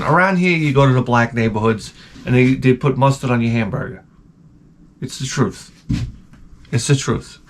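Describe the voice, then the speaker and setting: A man's voice: medium pitch, a little hiss or hum. A middle-aged man, hosting a rambling, profane comedic monologue. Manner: rambling, profane, animated ranting. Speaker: host.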